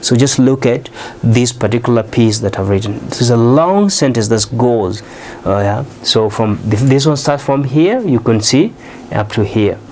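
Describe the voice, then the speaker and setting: A man teaching a recorded English lesson. He explains step by step, often pausing on "uh" and checking in with "okay?". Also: mid-range voice, animated, darkish tone, slight background noise.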